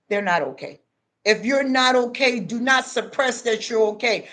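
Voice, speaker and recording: In her casual advice monologue, this middle-aged vlogger repeats every point, preachy and emphatic. She speaks at normal speed in a fairly bright, higher-pitched voice.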